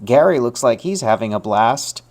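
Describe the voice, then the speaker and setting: Man, mid-pitched voice, scripted voice-over, upbeat narration. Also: expressive, normal speed, a little hiss or hum. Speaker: show narrator.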